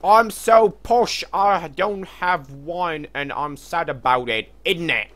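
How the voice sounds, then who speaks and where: A man's voice: fairly high pitch, slow pace, a bit bright, voice pushed up. A man voicing a whiny, snooty mock posh British man with an exaggerated fake British accent, drawn out and sing-song.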